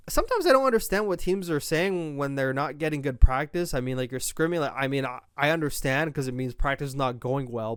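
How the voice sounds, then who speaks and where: Young male podcast host, rambling and opinionated, smooth resonant voice, dry close mic. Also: medium pitch, dry recording. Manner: rambling, opinionated, self-interrupting. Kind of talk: casual solo esports commentary.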